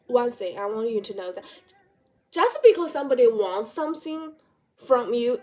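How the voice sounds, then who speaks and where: A woman's voice: high-pitched, a little mellow. A woman vlogger gives direct motivational advice, asking repeated rhetorical questions in non-native English phrasing. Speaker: vlogger giving life advice. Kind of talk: motivational talk to camera.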